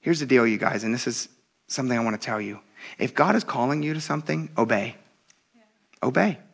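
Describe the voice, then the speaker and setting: A man's voice: medium pitch, fast, fairly bright tone. A man in his thirties preaching a sermon, talking conversationally and with animation, addressing the congregation directly as "you guys.". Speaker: pastor.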